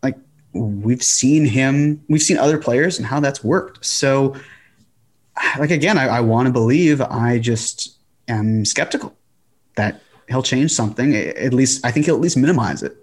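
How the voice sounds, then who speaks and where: A man's voice: medium pitch, measured pace. A man co-hosting a casual sports podcast, skeptical, asking his partner for numbers. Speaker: podcast co-host.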